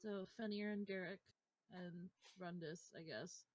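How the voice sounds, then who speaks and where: A woman's voice: lowish voice, fairly even intonation, a little slow, dry recording. A woman acting as game master, explaining the setting in a matter-of-fact way. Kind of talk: running a tabletop game.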